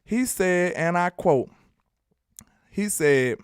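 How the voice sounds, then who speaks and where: Chatty Southern man with smooth voice. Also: high-pitched, slow pace, dry recording, clean studio sound. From Alabama. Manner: animated, playful, talks trash. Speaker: sports commentator. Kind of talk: casual sports talk with live chat.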